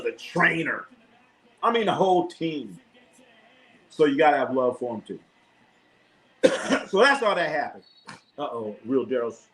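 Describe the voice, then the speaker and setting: A Los Angeles man hosts a live sports show, chatting casually with loose, animated, profane trash talk. His voice is medium-pitched, and the audio is poor.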